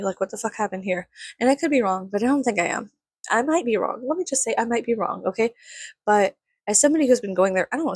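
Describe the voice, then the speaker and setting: A woman's voice: mid-range voice, no room sound. A woman, ranting in a heated, sweary, rambling way. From San Antonio, Texas. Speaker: vlogger. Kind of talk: profane casual rant.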